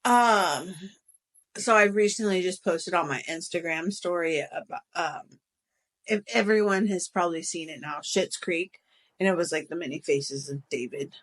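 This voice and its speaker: A woman's voice: lowish voice, moderate pace, a bit bright. A woman co-hosting a casual podcast chat, candid and blunt with casual swearing. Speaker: podcast co-host.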